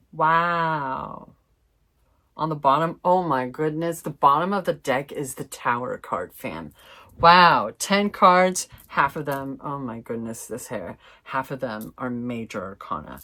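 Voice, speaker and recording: A woman's voice: deep voice, fairly bright tone. A woman giving a casual intuitive tarot reading to her viewers, chatty and informal, with mild swearing. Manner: chatty, swears mildly, laughs, addresses viewers as fam. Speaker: tarot reader.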